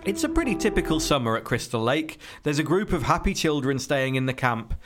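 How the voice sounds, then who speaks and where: A man with a nasal, slightly whiny voice reads a game's synopsis aloud, flat and measured, slipping in the odd dry aside. He sounds like he's in his thirties, chatting with friends on a podcast. Faint music plays softly behind him. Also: mid-range voice. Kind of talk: reading a game manual aloud in casual chat.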